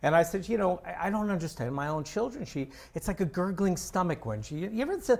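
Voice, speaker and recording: A man's voice: high-pitched, a little fast, vocal fry, few pauses. A middle-aged man, a comedian guest, telling stories in casual chat and slipping into impressions of people. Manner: animated, drops into impressions of people.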